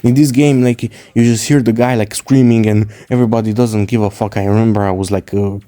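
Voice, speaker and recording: A male streamer rambles excitedly about games, stacking up "like" and swearing freely. His voice sits a bit low and sounds mellow. The recording is dry, with no room echo. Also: fairly quick. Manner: excitable, rambling, profane, heavy use of "like". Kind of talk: casual gaming opinion vlog.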